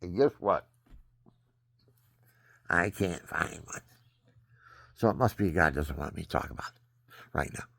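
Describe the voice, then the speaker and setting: Older male vlogger, deep gravelly voice, dry close sound; wanders off topic mid-sentence while stretching. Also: dry recording. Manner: digressive, drifting between topics; stretching while talking, breathy hiccups. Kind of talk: rambling casual monologue.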